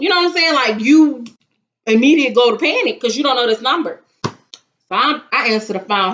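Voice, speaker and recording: Young woman, casual storytime vlog, bright voice, dull lo-fi recording. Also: fairly high pitch, fairly quick, a little hiss or hum. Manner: animated, dramatic retelling with acted-out quotes. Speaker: vlogger. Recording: dull lo-fi sound.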